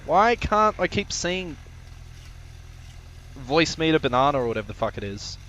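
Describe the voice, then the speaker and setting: A man's voice: fairly high pitch, big pitch swings, moderate pace, fairly bright tone, highs cut off, slight background noise. A man casually commentating his own flight video on a live stream, joking, swearing and rambling with lots of fillers.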